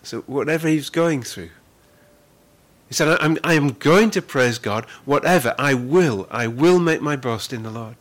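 A male pastor preaches in an earnest, conversational way at a middle pitch. He often repeats words as he gathers his thoughts. He slows right down to lean on the scripture he quotes. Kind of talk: sermon.

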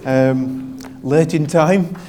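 An older male pastor delivers an informal Christmas sermon, his voice sitting a little higher than most men's. He chats, jokes at his own expense, and keeps asking the congregation to call out answers. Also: extremely slow, mellow, faint music behind. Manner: chatty, self-deprecating, asks the congregation questions. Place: church with live congregation.

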